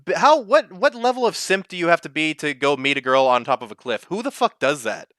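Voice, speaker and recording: A man's voice: a little high, big pitch swings, fairly quick, a bit bright, no echo, studio quality. A man co-hosting a casual chat, trading profane, laughing banter. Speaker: co-host.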